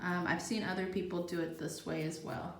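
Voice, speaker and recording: Woman host, lowish voice, casual gardening how-to, echoey home kitchen. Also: level tone, fairly quick, gravelly. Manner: chatty and easygoing, thinking aloud as she works. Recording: echoey room with faint background noise.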